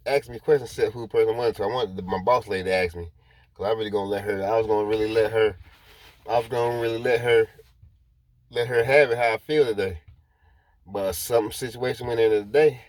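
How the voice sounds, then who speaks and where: A man's voice: lowish voice, fairly even intonation, brisk. A man rambling through a personal story to his viewers in casual talk, repeating himself as he goes. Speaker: vlogger.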